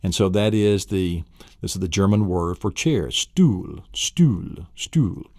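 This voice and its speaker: A deep-voiced man from Tennessee with a Southern US accent leads a memory-training lesson. He repeats words and quizzes the listener in an upbeat way. The recording is close and dry. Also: steady tone, moderate pace, mellow, no echo. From Tennessee, USA. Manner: enthusiastic, repetitive quizzing with vivid imagery.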